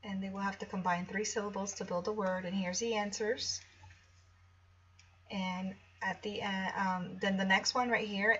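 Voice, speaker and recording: A woman's voice: mid-range voice, slight background noise. Woman, chatty product walkthrough, explanatory, slightly muffled lo-fi recording. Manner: chatty, explanatory, frequent ums and restarts. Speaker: teacher-author showing a product. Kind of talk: casual screen walkthrough.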